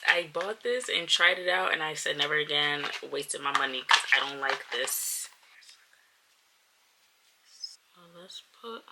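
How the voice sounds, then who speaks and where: A woman's voice: sits low, moderate pace, few pauses, very noisy. A woman in her twenties chatting casually to camera in a playful, self-joking way. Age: 20s. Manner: playful and chatty, laughs and jokes at herself. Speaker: vlogger. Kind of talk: casual vlog chat to camera.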